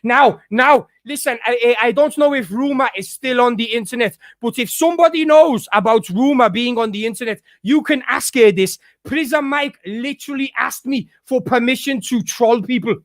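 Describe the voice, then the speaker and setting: An angry man with a very high voice tears into an online rival in a profane vlog rant. He stumbles and restarts his sentences, repeating himself as he builds his case. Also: moderate pace, few pauses, fairly bright tone, no room sound, studio quality. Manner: heated, profane, repetitive restarts. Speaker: YouTuber calling out a rival.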